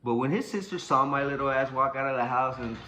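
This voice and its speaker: A young man casually telling a personal story, animated and profane, acting out what people said. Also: medium pitch, fast, low-quality recording. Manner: animated, profane, acts out quotes.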